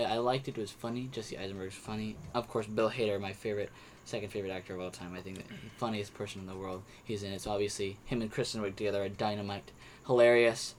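A young man talks through his movie opinions in a relaxed podcast chat, circling back with fillers and restarts. His voice sits low, with a faint hiss of background noise behind him. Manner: rambling, with frequent restarts and fillers. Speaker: podcast co-host. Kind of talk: casual movie review chat.

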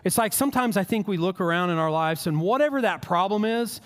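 A man's voice: high-pitched, lively intonation, fast talker, in a large hall. A male pastor preaching a sermon in an earnest, conversational way, often repeating words as he restarts.

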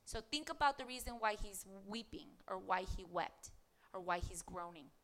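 Bright-voiced woman preaching earnestly. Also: mid-range voice, steady tone, normal speed. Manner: earnest, rhetorical questions, reads scripture aloud. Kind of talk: devotional podcast sermon.

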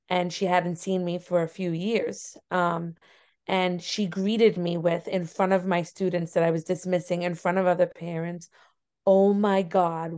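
A young adult woman, a teacher appearing as a podcast guest, earnestly tells a personal story with many fillers in a casual interview conversation. Her voice is lowish and a little mellow.

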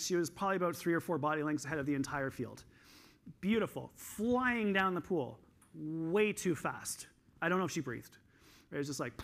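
Male keynote speaker, Canadian, high-energy storyteller, pitched a bit high. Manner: highly energized, animated storytelling. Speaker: conference speaker and coach. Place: conference hall stage.

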